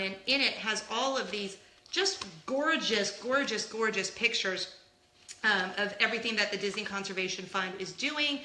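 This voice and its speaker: This vlogger, a woman of medium pitch speaking at a moderate pace, gushes through a story in a casual vlog, laughing a lot and acting out loud gasps. The sound is reverberant with slight background noise.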